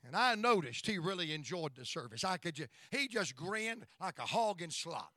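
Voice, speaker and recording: A man's voice: high-pitched, big pitch swings, moderate pace, bright, forceful tone, no room sound. A middle-aged male pastor telling stories in a sermon, emphatic and folksy, often breaking into praise. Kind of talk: storytelling sermon.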